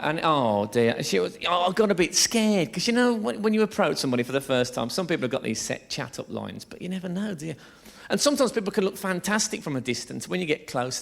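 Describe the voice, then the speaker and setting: Gravelly, lively stand-up comic on stage. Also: male voice, fairly high pitch. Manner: lively, rambling, swearing storyteller. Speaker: stand-up comedian. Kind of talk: stand-up comedy set. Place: theatre stage before a laughing audience. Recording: live theatre recording, crowd laughter.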